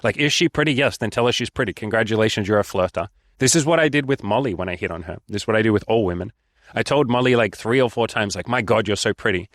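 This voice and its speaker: Blunt, low-voiced man coaching frankly. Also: fast, fairly bright tone, dry recording, clean studio sound. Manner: blunt, frank, swears often, acts out dialogue. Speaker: dating coach. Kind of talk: casual vlog advice.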